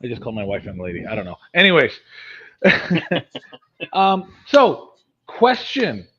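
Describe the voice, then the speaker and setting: A man in his thirties hosting a casual chat, rambling and animated, often mocking voices. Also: medium pitch, a little slow, slightly rough. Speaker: host. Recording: dull lo-fi sound.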